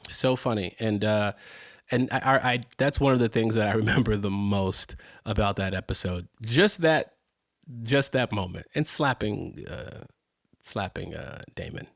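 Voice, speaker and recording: A man's voice: on the low side, measured pace, dry recording, clean studio sound. A man co-hosting a podcast in casual chat, sick, playful and teasing with frequent laughs. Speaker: podcast co-host. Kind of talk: casual chat rewatching a sitcom.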